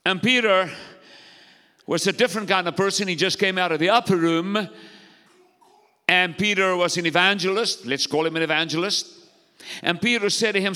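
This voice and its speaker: A man's voice: high-pitched, normal speed, long pauses, pushed and bright, clear, resonant tone, in a large hall. A man preaching as pastor, exhorting the congregation and calling for their responses. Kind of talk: sermon.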